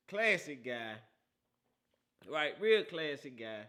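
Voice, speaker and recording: A man's voice: mid-range voice, expressive, unhurried, sharp tone. A man hosting a casual football talk show, teasing and laughing often, with a habit of asking "right?". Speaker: host.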